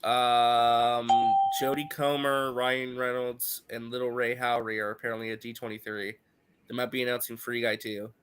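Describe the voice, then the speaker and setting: A man's voice: medium pitch, normal speed, a little hiss or hum. Congested man joking on a live stream. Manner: joking, animated, swears casually. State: congested from a cold. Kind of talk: casual live reaction chat.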